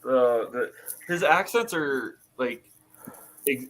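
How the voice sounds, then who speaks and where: A man's voice: mid-range voice, animated, slow pace, a bit bright. A man in a casual group chat, talking loosely and jokingly with some swearing. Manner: loose, profane, jokey.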